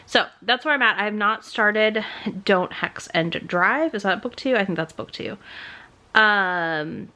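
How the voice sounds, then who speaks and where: A woman talking casually in a chatty, candid way, like a book vlogger catching her viewers up. Her voice sits at an everyday middle pitch, and she sounds easygoing. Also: a little slow, sharp tone. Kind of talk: casual vlog chat.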